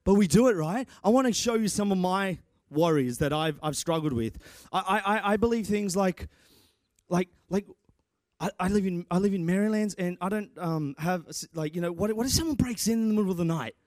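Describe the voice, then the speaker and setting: A young man delivering a church sermon, his voice sitting a little high for a man. He talks in an animated, excitable way, tripping over restarts and rising into shouts. The sound is close and dry. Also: a little fast, dry recording. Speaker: preacher and church guitarist.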